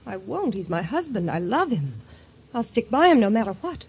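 An impassioned wife on old radio. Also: female voice, fairly high pitch, big pitch swings, normal speed, darkish tone, husky, full character voice. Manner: emotional, pleading, insistent. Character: devoted, stubborn young wife. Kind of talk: 1940s radio acting. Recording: dull lo-fi old radio recording.

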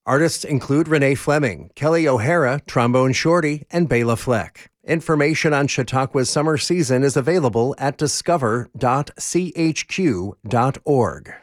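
A man reading a scripted sponsor announcement calmly. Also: medium pitch, dry recording, studio quality.

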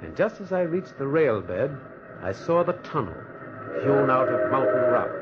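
Through heavy background noise in a dull, lo-fi old radio recording, a man speaks in a natural, husky mid-range voice at a moderate pace. As narrator and lead in a 1940s radio drama, he expressively tells the story of a lonely man haunted by memories.

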